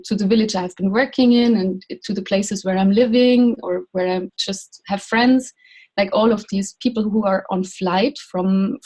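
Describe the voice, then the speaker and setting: A woman's voice: mid-range voice, mellow, low-quality recording. A woman introducing herself on a video call, searching for words and repeating herself. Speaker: course participant.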